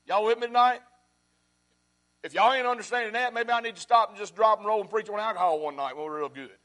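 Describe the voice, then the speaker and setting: Pastor, man, high voice; sermon delivery that repeats lines and swings from loud to hushed. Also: quick pace.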